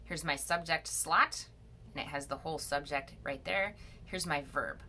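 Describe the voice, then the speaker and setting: A woman's voice: deep voice, normal speed, pushed and bright. A middle-aged woman teaching grammar over a screen recording, explaining patiently step by step and asking questions as she goes.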